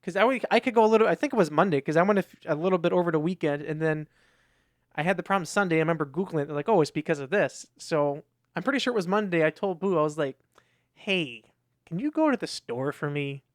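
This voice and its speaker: Fast-talking man, rambling story. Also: fairly high pitch, expressive, no echo, studio quality. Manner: rambling storytelling with many restarts and acted quotes. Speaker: podcast co-host. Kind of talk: casual chat.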